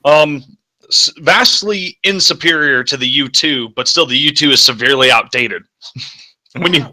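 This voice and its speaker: A man's voice: a little high, unhurried, bright, forceful tone. A young man co-hosting a casual gaming podcast, rambling and swearing, often correcting himself. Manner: rambling, crude, self-correcting. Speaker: co-host. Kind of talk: casual chat.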